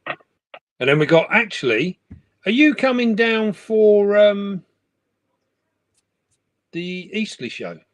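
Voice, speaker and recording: A middle-aged man co-hosting a live stream from his room at home, talking in a chatty way that is often broken up by laughter. His voice sits a little high and moves up and down a great deal. The sound is dry and close. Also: very animated, slow, pauses often, no echo. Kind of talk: casual chat.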